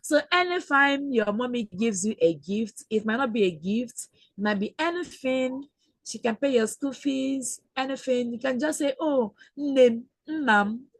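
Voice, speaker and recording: A woman leads a children's webinar lesson, her voice fairly high and recorded dry and close. She repeats each Igbo word slowly and drills it patiently. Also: lively intonation, dry recording, rough recording. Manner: slow, repetitive teaching with drawn-out Igbo phrases. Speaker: Igbo language teacher. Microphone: computer mic on a video call.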